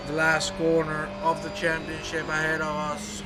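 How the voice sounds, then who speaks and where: A man giving excitable, emotional commentary on a sim racing stream, breaking into exclamations. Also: fairly high pitch, moderate pace, loud music behind the voice. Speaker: race commentator. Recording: noisy with engine sounds behind. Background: racing car engines.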